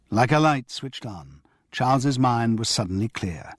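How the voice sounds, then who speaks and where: A man reading a cozy mystery audiobook as narrator, with expressive storytelling delivery. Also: mid-range voice, a little slow, no room sound, studio quality. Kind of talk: scripted narration.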